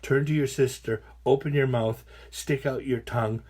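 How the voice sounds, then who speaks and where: A man's voice: mid-range voice, fairly even intonation, moderate pace, a little mellow, husky. A middle-aged man, a teacher, reading picture books aloud to his class with playful, chatty asides.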